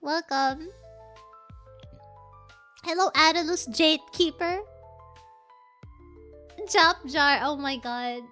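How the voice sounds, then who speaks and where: Giggly streamer voice, very high and slow, greeting chat by name, with faint music underneath. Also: pushed and bright. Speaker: live streamer. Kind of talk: casual live-stream chat.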